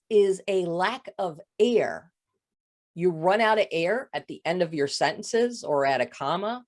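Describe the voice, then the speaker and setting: A woman voice coach with a touch of vocal fry, explaining voice habits in an interview. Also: on the low side. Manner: explanatory, demonstrates voice faults. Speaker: voice coach guest. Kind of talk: interview answers.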